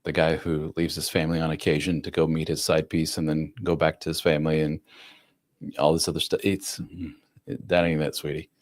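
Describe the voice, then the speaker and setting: A man with a very deep voice hosts a casual live stream, reading viewer comments aloud and talking through them. His delivery is flat and a little fast, conversational, with lots of fillers and restarts.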